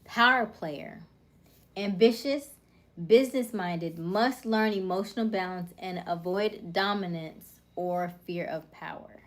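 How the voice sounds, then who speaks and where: A woman's voice: medium pitch, takes it slowly. A woman hosting a casual livestream, reading viewers' comments and rattling off personality traits in short, upbeat lists. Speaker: livestream host.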